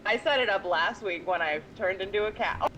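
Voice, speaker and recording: A woman playing a tabletop game, talking casually in a relaxed, easygoing way. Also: medium pitch, brisk, highs cut off, background noise. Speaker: player.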